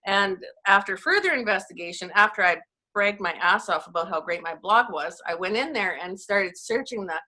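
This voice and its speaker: A woman's voice: medium pitch, expressive, normal speed, pushed and bright. A Canadian woman, a network marketing coach, telling self-mocking stories in a casual chat on a video call. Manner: chatty, self-mocking storyteller.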